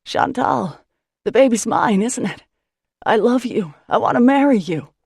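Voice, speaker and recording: A woman's voice: deep voice, measured pace, gravelly, slightly rough, no echo, clean studio sound, exaggerated voice. A woman reading an audiobook, voicing an impulsive, lovestruck man of twenty-six who blurts things out earnestly. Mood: shouting. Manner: earnest and blurting, shouts when excited.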